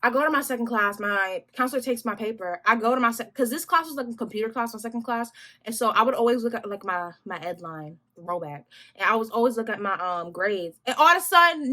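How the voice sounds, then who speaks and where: A young adult woman vlogger telling a story in a casual, animated, slangy way, addressing viewers directly. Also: fairly high pitch, fairly quick.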